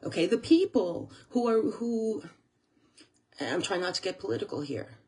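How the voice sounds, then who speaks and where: A woman's voice: mid-range voice, sing-song, normal speed, a little mellow, breathy edge. A woman from the United States, a channel host, talking earnestly to camera, close to tears and repeating herself. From USA. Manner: earnest, tearful, repeats phrases. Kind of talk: emotional monologue to camera.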